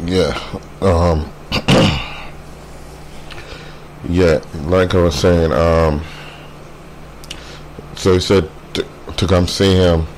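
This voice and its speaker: Very deep-voiced man, slow and halting. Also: fairly even intonation, darkish tone, slight background noise. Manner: halting, many fillers and repeated words; quotes others in a brisk voice. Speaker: storyteller sharing a personal story. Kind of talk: casual personal storytelling.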